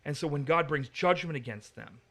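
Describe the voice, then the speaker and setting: A man's voice: fairly high pitch, lively intonation, fairly quick, fairly bright tone. A man leading a teaching discussion on the Bible, arguing his points emphatically. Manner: emphatic, argumentative.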